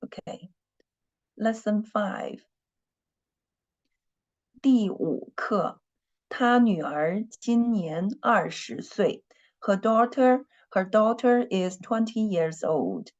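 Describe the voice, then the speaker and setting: A woman teaches a beginner class at a slow, careful pace, repeating points and checking in with her students. Her voice sits mid-range, and the audio is dull and lo-fi. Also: medium pitch, expressive, a little mellow. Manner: patient, repeats herself, asks "are you clear?". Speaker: Chinese teacher. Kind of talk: slow live language lesson.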